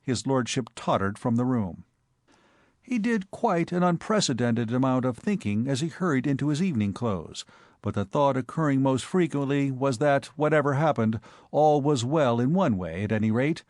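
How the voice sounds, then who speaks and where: A man narrating a comic novel as an audiobook, expressive and wry. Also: medium pitch, normal speed, no echo, studio quality. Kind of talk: scripted narration of comic fiction.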